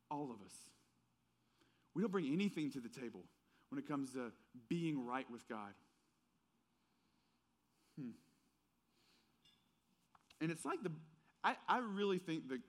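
A man with a faint Southern accent preaching a casual, conversational sermon, telling stories in an animated way with many fillers. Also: medium pitch.

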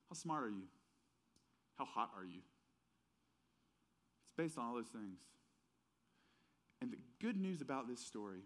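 A man with a faint Southern accent preaching a casual, conversational sermon, telling stories in an animated way with many fillers. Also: medium pitch.

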